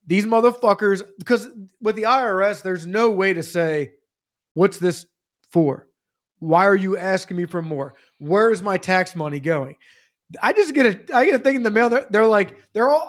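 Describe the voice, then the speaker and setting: A young man telling a comedic story as a podcast co-host, ranting profanely. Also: high voice. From Pennsylvania.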